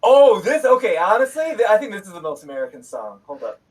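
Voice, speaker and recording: A man's voice: sits high, sing-song, fast, darkish tone, slightly rough, recorded from a distance, rough recording. A man running a tabletop game as game master, narrating in a loose, joking way and swearing freely.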